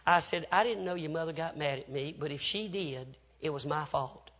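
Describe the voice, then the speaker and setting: An older man, preaching a sermon and telling family stories, swinging from shouts to hushed tones. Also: fairly high pitch, moderate pace. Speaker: pastor.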